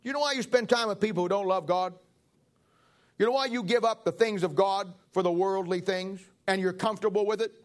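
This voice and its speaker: A man's voice: sits high, brisk. A man preaching a sermon in a folksy, joking way, acting out little everyday scenes. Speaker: pastor.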